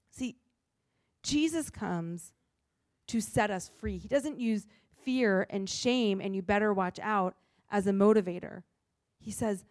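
A woman pastor preaching a sermon in an earnest, emphatic way with pauses. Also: a little high, dry recording, clean studio sound.

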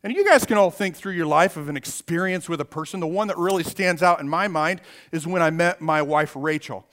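A middle-aged man preaching a sermon, telling a personal story in an animated, storytelling way. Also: on the high side, fairly quick. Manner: animated storyteller, acts out his own shouts.

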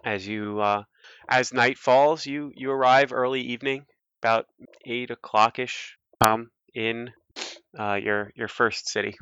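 Guy running a tabletop game, bright crisp voice, rambly. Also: mid-range voice, steady tone, measured pace, dry recording, muffled recording. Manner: casual, rambling with fillers. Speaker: game master.

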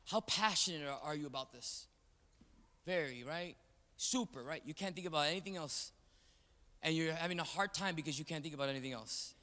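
Brief: male preacher, a touch high-pitched, animated storyteller, echoing church hall. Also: a little fast. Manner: animated storytelling, calls out to the congregation. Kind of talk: sermon. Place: church sanctuary. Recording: long reverb of a large hall.

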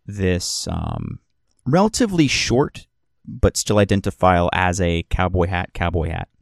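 A man's voice: sits low, sing-song, measured pace, vocal fry, dry recording, clean studio sound. A man narrating as game master of a tabletop game, describing scenes in a rambling way full of fillers and restarts.

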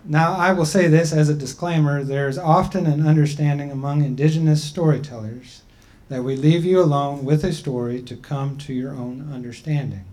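A man giving a talk and telling a traditional creation story in a measured, deliberate way with frequent pauses. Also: on the high side, steady tone, a little mellow. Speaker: speaker.

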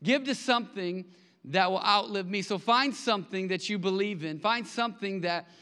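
A man preaching a sermon to his congregation, conversational and animated, telling stories with acted-out quotes. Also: sits high, normal speed. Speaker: pastor. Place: church sanctuary. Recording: long hall reverb.

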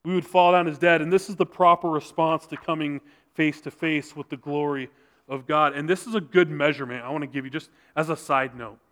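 A male pastor delivers his sermon with earnest conviction, now and then sinking to a hushed, intense register to press a point. His voice sits somewhat high and rings bright and forceful. The sound carries a long reverb tail, as in a large hall. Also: steady tone, a little fast. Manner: earnest preaching, drops to soft intense tones for emphasis.

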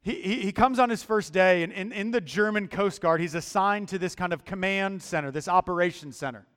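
A man preaching a sermon in a deliberate, emphatic style, often repeating words as he builds his point. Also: high-pitched, a bit bright, clean tone. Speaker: pastor. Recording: long hall reverb.

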